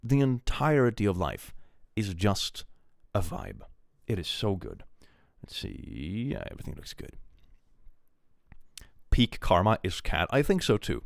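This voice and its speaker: Deep gravelly man chatting on stream. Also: sing-song, measured pace, pauses often, no room sound, studio quality. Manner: playful, chatty, reacting to chat messages. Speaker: livestreamer. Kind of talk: casual livestream chat.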